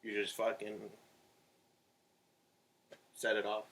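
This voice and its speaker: A young man hosting a casual podcast, relaxed and agreeable, swearing now and then. His tone is bright. Faint room ambience runs underneath. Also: on the low side, takes it slowly, slight background noise. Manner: laid-back, agreeable, swearing. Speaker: podcast host.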